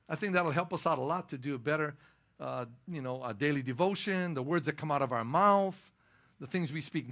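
Emphatic, bright-voiced male pastor preaching. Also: a little high. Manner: emphatic preaching with rising, stressed lines and storytelling asides. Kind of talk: sermon.

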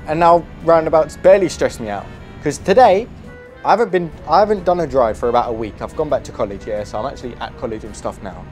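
A young man with a British accent chatting casually over his driving game, excitable and prone to yelps and swearing. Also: mid-range voice. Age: young adult. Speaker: gaming YouTuber. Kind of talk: casual gameplay commentary.

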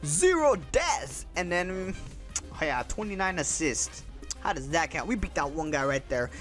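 A young man hosting his own gaming channel, giving excitable, casual commentary over his gameplay, often repeating his exclamations. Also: fairly high pitch, moderate pace, soft background music.

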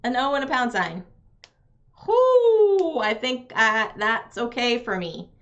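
A woman's voice: a little high, very animated, slow pace, a bit bright, highs cut off. A woman, chatting with viewers while playing a roll-and-write game on a live stream, laughing often.

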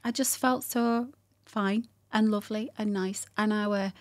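In an unhurried, medium-pitched voice, a female guest tells a candid personal story. Her retelling is warm and animated, punctuated by laughter and quoted lines of dialogue.

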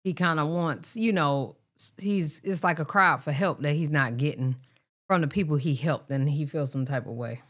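A woman's voice: low voice, moderate pace, fairly bright tone. A woman hosting a reaction video, making casual, hesitant comments. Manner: laid-back, hesitant asides. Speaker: reaction channel host.

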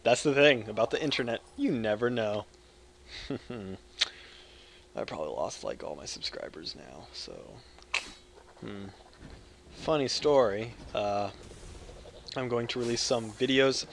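Rambling gamer guy from the States, mid pitch, crude jokes, shouts then mutters, faint hiss behind. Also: animated, a little slow, creaky, long pauses. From United States. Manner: loud, jokey, crude, swings between yelling and mumbling. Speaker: gaming video creator. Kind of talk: rambling live gameplay commentary.

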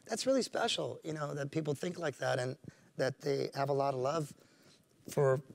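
A man, a rock band frontman, chatting as a guest in an interview, enthusiastic and warm, leaning on fillers. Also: mid-range voice, fairly even intonation, moderate pace, vocal fry, no room sound. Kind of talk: casual interview chat. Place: studio, for a live web broadcast. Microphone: studio microphone.

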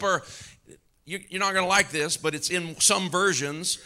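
A man's voice: high-pitched, unhurried, pauses often, pushed and bright. A male pastor preaching a fervent sermon in church, calling out hallelujahs and laughing between points.

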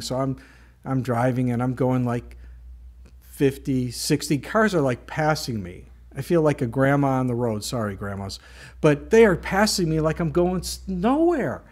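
A man pastor giving a sermon, moving from Bible teaching into a lively personal story. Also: medium pitch, moderate pace. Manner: storytelling, animated in anecdotes.

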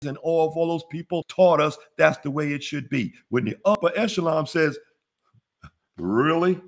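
A man's voice: a little high, normal speed, gravelly. A man hosting a business webinar, talking in a casual, preachy way with lots of call-and-response questions. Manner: preachy, call-and-response, laughs at own jokes. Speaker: webinar host, business funding teacher. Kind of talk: casual motivational webinar teaching.

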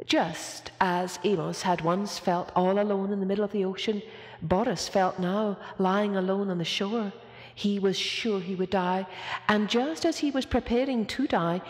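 A woman reading a children's picture book aloud with expressive, dramatic storytelling. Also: medium pitch. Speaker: storybook reader. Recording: echoey room with long reverb.

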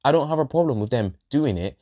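A man's voice: mid-range voice, expressive, fast talker, warm tone. A man ranting in a show review, exasperated and profane, repeating himself and trailing off in sighs. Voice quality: exasperated, sweary, repetitive.

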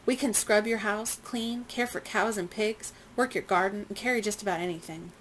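A woman's voice: medium pitch, steady tone, moderate pace, fairly bright tone, slight background noise, natural voice, rough recording. Earnest young servant girl, humble and eager, read by a woman.

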